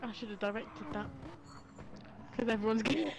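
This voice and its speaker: A woman's voice: on the high side, normal speed, creaky, noisy background. A woman chatting casually on a racing stream, giggling between her lines. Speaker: co-commentator on a racing league stream.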